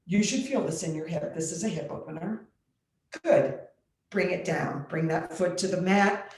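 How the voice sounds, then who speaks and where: A woman yoga instructor guiding a chair yoga class with calm, step-by-step instructions, clearing her throat now and then. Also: fairly low pitch, moderate pace. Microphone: computer mic. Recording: very echoey room on a computer mic.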